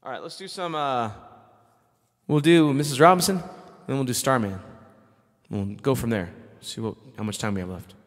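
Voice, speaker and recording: A middle-aged man hosting a music live stream chats casually and ramblingly between songs, thanking viewers by name. His voice sits in the mid range at normal speed, with long reverb on it.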